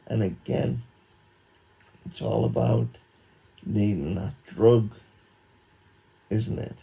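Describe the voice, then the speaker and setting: Slow gravelly man, mock hypnosis. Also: lowish voice, fairly even intonation, dark tone. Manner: slow, repetitive, coaxing instructions. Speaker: YouTuber. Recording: dull lo-fi recording.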